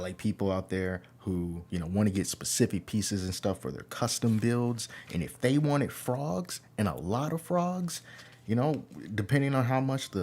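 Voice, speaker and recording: In a room at home, a man on a casual livestream works on a model kit, thinking out loud and humming to himself at an unhurried pace. His voice sits at medium pitch with a darkish tone, and there's slight background noise.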